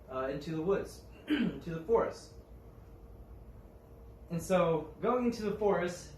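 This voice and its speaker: A young man retelling a folk tale to a group, halting with fillers and restarts. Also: fairly high pitch, a little hiss or hum. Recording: roomy, mic at a distance, faint ambience.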